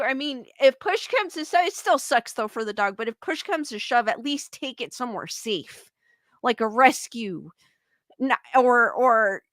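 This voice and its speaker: A woman's voice: high voice, bright, forceful tone, dry recording, clean studio sound. A woman hosting a livestream who chats casually, reacts to a news clip, and reads comments aloud with rambling exclamations of disbelief. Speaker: livestream host.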